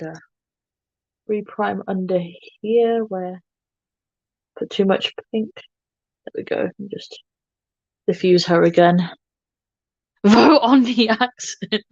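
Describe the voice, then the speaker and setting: A woman's voice: mid-range voice, unhurried, long pauses, no room sound, dull audio. A woman hosting a casual makeup livestream, chatting to her viewers in a self-mocking way while she works. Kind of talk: casual makeup tutorial chat.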